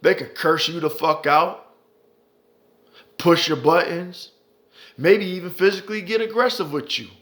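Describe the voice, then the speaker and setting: Male commentary vlogger: heated, profane delivery, slightly raised pitch, hammers points through repetition. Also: a little slow, long pauses, a bit bright. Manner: profane, heated, repeats himself for emphasis. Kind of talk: impassioned ranting commentary.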